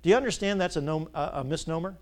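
A man preaching with a fairly high voice that swings from soft, low asides to loud, ringing peaks. He repeats key lines and tosses rhetorical questions at his listeners as their pastor. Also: quick pace. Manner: big swings between loud peaks and quiet drops. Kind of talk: sermon.

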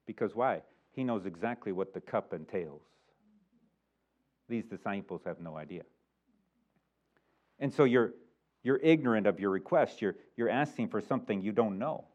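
A middle-aged man preaching a sermon as a pastor, animated and emphatic, chuckling now and then. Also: on the low side, moderate pace, pauses often. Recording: muffled lo-fi recording.

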